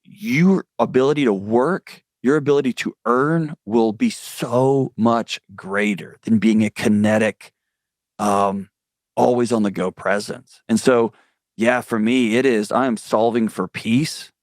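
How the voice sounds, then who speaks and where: In a conversational interview, a man serving as guest mental health expert recounts stories with earnest candor. His pitch is medium, his pace unhurried, and there is no echo.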